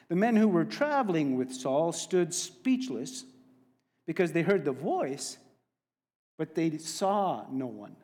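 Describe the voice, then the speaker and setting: A man with a high voice preaches a sermon at a slow, deliberate pace. He is emphatic and drops casual asides, and his voice carries a long reverb from a church hall. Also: very animated, a little mellow.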